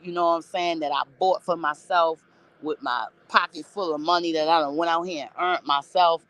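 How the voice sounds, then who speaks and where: A woman's voice: low voice, fairly even intonation, a little fast, a bit bright, dry recording. A woman telling her life story in a candid, profane, emphatic monologue.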